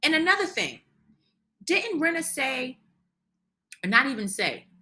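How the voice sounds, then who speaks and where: A woman with a bright, somewhat high voice rants through a recap of a reality show. She sounds heated and indignant, tripping over restarts as she pushes her opinions. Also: very animated, unhurried. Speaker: reality TV commentator.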